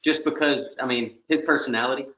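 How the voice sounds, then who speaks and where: A man's voice: mid-range voice, steady tone, quick pace, bright, forceful tone, reverberant, low-quality recording. A man on a podcast giving short, hesitant answers in casual chat.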